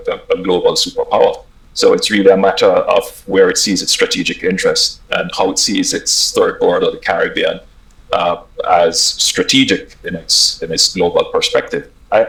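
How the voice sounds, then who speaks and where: Give me a deep-voiced man from Jamaica, answering interview questions carefully. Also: creaky, a bit bright, low-quality recording. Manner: measured, many hesitations. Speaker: government official.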